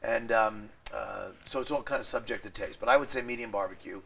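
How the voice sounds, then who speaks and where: A man's voice: on the low side, a little fast, vocal fry, sharp tone, a little hiss or hum. A middle-aged man from New York with a New York accent, chatting animatedly as a restaurant owner being interviewed. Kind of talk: casual interview chat.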